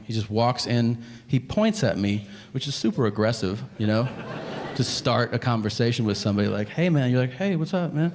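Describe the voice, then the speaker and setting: On a comedy stage in front of a live audience, a stand-up comedian in his thirties tells a story with exasperation, voicing the other people's lines himself. His medium-pitched voice fills a large hall, with noise in the background.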